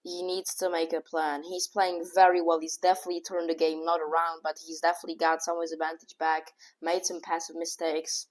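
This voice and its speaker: A woman giving casual, excitable running commentary on her own chess game, thinking aloud move by move and often scolding herself. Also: lowish voice. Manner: casual slang, says "bro" and "oh my god". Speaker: chess streamer.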